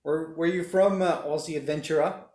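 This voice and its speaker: A man's voice: a little high, fairly even intonation, normal speed, a little mellow, echoey room. A man hosting a casual livestream, rambling and reading viewer comments aloud. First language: Portuguese. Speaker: livestream host reading chat. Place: home room during lockdown.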